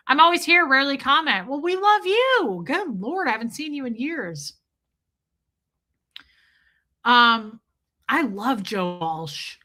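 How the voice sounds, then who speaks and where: A livestream host in her thirties talks casually with her viewers in a mid-range voice that's bright and forceful. She rambles between topics, reads chat comments aloud, swears now and then, and mimics lines from movies.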